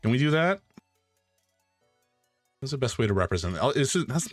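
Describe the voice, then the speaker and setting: Excitable, self-mocking male streamer. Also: mid-range voice, fairly quick, dry recording, clean studio sound, faint music behind. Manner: excitable, rambling and self-mocking, with sudden loud exclamations. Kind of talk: casual live-stream chat while drawing.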